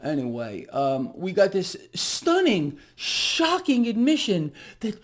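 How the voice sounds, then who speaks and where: A man's voice: high voice, sing-song, a little slow, few pauses. A man giving a casual market commentary to viewers, ranting in a sarcastic, profane way and laughing in exasperation.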